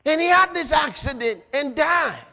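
High-voiced dramatic male preacher. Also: animated, normal speed. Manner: dramatic, shouting at peaks then dropping quiet, acts out scenes. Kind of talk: sermon. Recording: echoey hall.

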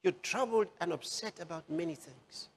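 A man preaching a sermon, slowly repeating key phrases for emphasis. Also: high voice, slight background noise. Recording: long hall reverb.

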